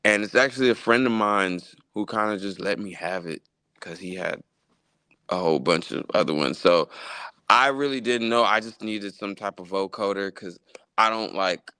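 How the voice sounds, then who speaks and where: A man talking as a guest musician in a casual live interview, in a relaxed, loose way with lots of fillers and restarts. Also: on the low side, moderate pace, clear, resonant tone, no room sound. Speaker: guest musician, gospel pianist.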